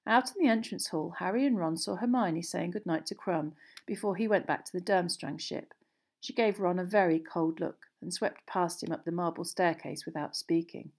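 A woman narrating a storybook aloud in a steady, measured reading. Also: fairly low pitch. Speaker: audiobook narrator.

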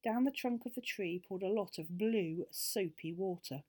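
Low-voiced woman reading a storybook. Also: moderate pace, warm tone. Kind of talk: reading a children's book aloud.

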